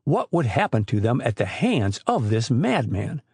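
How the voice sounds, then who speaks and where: A man's voice: medium pitch, moderate pace, slightly rough, dry recording, studio quality. A man narrating an adventure novel as an audiobook, telling it expressively. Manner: expressive storytelling.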